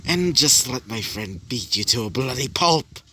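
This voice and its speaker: A man's voice: medium pitch, expressive, moderate pace, bright, forceful tone. A man voicing a threatening adult thug with extra arms and faces, in a fan story read over background noise. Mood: menacing. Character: menacing adult male multi-armed thug.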